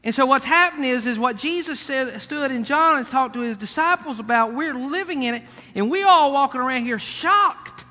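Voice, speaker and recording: A man's voice: extremely high pitch, moderate pace, few pauses, bright, forceful tone, long reverb tail. A male pastor preaching a sermon, speaking emphatically, repeating key words and addressing the congregation directly.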